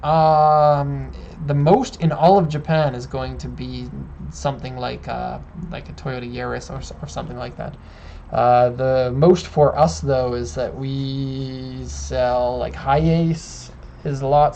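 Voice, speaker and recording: A man's voice: mid-range voice, fairly even intonation, a little slow, vocal fry, mellow, a little hiss or hum. A man hosting a casual live-stream chat, explaining car details step by step. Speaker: host.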